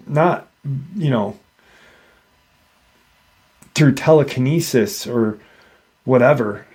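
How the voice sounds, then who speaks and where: A man's voice: medium pitch, a little mellow, breathy edge. A man hosting a paranormal show, retelling an encounter in a casual, rambling way with many fillers and restarts. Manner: rambling, hesitant, lots of fillers. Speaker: podcast host.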